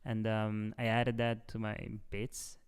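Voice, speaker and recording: A man who is a guest comedian on a podcast, chatting casually and often pausing to search for his words. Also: on the low side, monotone, smooth. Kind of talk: casual chat.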